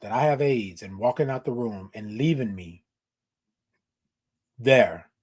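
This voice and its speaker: A man's voice: medium pitch, lively intonation, unhurried, darkish tone, breathy edge. A man in his forties hosting a live stream, talking casually and affectionately to his viewers, repeating his phrases for emphasis. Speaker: host of a live-stream show.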